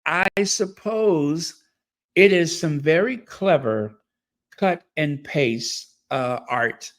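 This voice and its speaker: A man hosting a live stream, slowly reading member messages and thanking them, and he gets openly emotional and effusive. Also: on the high side, lively intonation. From United States.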